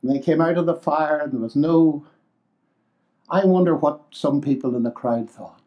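An older man preaching a sermon, expressive and exclamatory, swinging between loud declarations and hushed asides. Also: a little high, normal speed, lo-fi sound.

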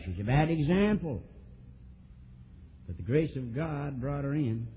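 A man preaching a sermon, telling a story and swinging from soft, low asides to emphatic, raised lines. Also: lively intonation, unhurried, pauses often, slight background noise. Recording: old tinny lo-fi sermon tape.

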